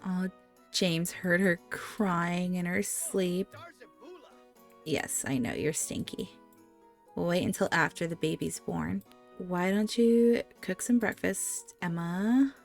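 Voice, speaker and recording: A woman's voice: lowish voice, slow, gravelly, faint music behind. A woman giving casual let's-play commentary on her life-sim game, chatting to her characters and cooing over the animals. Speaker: gaming YouTuber.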